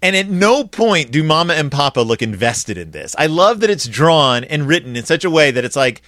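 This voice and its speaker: A man giving a comic, sarcastic review of a children's picture book, acting out quoted lines in flat voices. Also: a little high, moderate pace, dry recording, clean studio sound.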